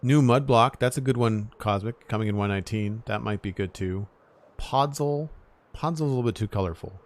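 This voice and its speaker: A middle-aged man live-streaming a building game, thinking aloud in a relaxed way and thanking viewers by name. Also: on the low side, a little fast. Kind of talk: casual live-stream chat.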